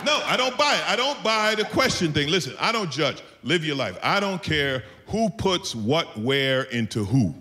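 A man's voice: a little high, very animated, normal speed, hardly any pauses, pushed and bright, big-room sound, a little hiss or hum. A man doing a stand-up comedy set, emphatic and storytelling.

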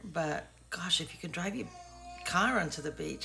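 English woman in her 60s, gravelly, chatty vlogger, rambling. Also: lowish voice, expressive, moderate pace, bright, forceful tone. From England. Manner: chatty, rambling, self-deprecating. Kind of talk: casual vlog chat.

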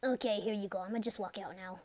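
Soft-spoken woman in whispered role-play. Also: medium pitch, fairly even intonation, fast talker, dry recording. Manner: soft, hesitant, often whispered. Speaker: ASMR role-play performer.

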